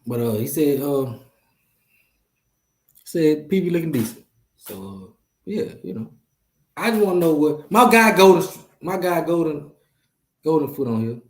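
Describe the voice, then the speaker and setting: A man's voice: fairly high pitch, very animated, measured pace, long pauses, reverberant. A man hosting a casual livestream chat, talking animatedly and repeating himself as he addresses viewers. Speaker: host.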